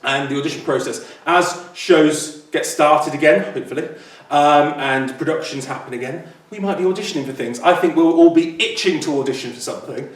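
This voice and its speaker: A man's voice: on the high side, a little fast, hardly any pauses. Chatty English man in echoey room. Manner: chatty, self-mocking. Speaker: podcast co-host. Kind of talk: casual chat. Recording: echoey room, distant mic.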